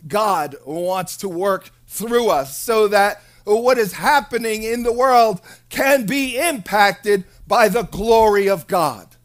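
A preacher delivering a dramatic sermon, swinging between hushed asides and loud declarations. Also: mid-range voice, slow, few pauses.

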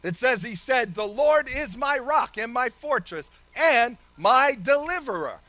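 A man with a very high, bright voice preaches an animated sermon. He laughs often and shouts some phrases. The sound is dry and close. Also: measured pace, no echo.

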